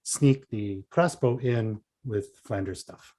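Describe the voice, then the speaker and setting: A man playing a tabletop game, speaking in a relaxed, low-key way. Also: slow pace. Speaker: player.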